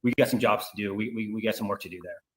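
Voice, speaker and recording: A man's voice: fairly low pitch, very fast, poor audio. A man, a victim's father, speaking angrily and emphatically in an interview, repeating words. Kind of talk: emotional interview.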